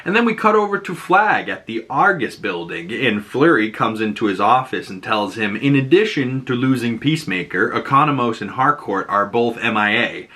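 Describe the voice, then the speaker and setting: Chatty Boston vlogger with a bright voice. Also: male voice, medium pitch, animated, normal speed, hardly any pauses. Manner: rambling and chatty, full of "like" and "you know", laughing often. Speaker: show recap vlogger. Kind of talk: casual episode breakdown.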